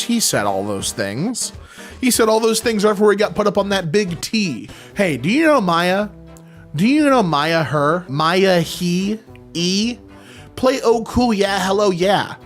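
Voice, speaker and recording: A man's voice: sits high, expressive, measured pace, faint music behind. A young man reading funny posts aloud and reacting with jokey, mock-confused commentary.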